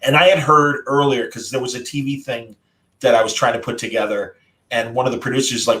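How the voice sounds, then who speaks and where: A man's voice: medium pitch, steady tone, quick pace, poor audio. A man hosting a casual group chat, recalling a story with a former radio broadcaster's delivery. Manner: conversational storytelling, warm recollection. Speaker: podcast host.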